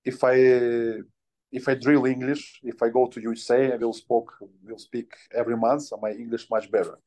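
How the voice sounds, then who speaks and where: Casting note: twenties male fighter, native Russian speaker, halting English, mid-range voice, self-deprecating. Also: mid-range voice, level tone, warm tone. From Ukraine. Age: 20s. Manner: halting English, searching for words, laughs at himself. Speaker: interview guest, fighter. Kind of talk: casual interview.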